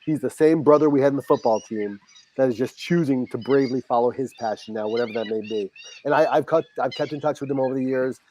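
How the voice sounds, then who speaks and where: A middle-aged man, a high school football coach, telling a heartfelt story as a podcast guest and acting out the dialogue. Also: fast, dark tone, a little hiss or hum. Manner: earnest, heartfelt, reenacts dialogue.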